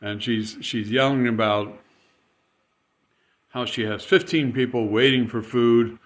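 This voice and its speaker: A man's voice: medium pitch, fairly even intonation, measured pace. A man casually telling a rambling, chatty anecdote, chuckling as he goes. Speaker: storyteller.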